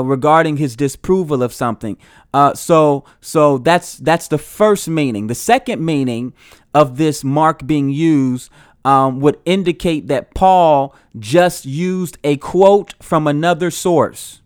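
A man's voice: a little high, clean tone, dry recording, clean studio sound. A man giving an earnest recorded Bible teaching, often repeating and restarting his phrases as he explains.

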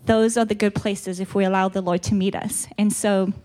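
This woman from South Africa has a mid-range, slightly mellow voice with little pitch movement and a normal speed. She gives a chatty, frank church retreat teaching, congested, and now and then laughs at herself.

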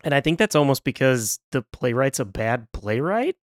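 A man's voice: mid-range voice, sing-song, normal speed, no room sound, clean studio sound. Laughing, rambling man reviewing a film. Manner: rambling, self-interrupting, laughs often. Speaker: film podcast panelist. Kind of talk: casual film review discussion.

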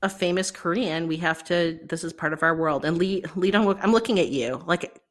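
Woman, 30s, podcast co-host; excitable, laughing, foul-mouthed, casual. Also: lowish voice, brisk. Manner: laughing, excitable, swears freely. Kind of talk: casual chat.

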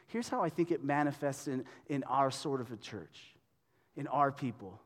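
A man's voice: mid-range voice, normal speed. A man giving a sermon as a pastor in a conversational way, often checking in with the room. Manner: conversational, checks in with "right?" and "okay?". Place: church hall. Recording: long reverb of a hall.

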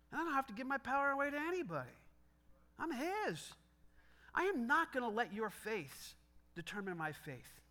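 A middle-aged man preaching a sermon in a conversational, animated way, acting out little dialogues and laughing often. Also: very high voice. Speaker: pastor.

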